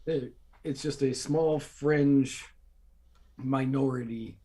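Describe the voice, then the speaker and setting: A male podcast host delivering sarcastic political commentary in a ranting, repetitive way. He talks at an average pitch in a plain, conversational voice. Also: steady tone, slow, dark tone, breathy edge.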